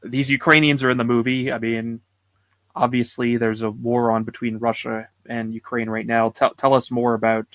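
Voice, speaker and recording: A man's voice: medium pitch, flat delivery, moderate pace, fairly bright tone, no echo. A man hosting a casual chat, prompting his guest with loose, hesitant questions. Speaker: host.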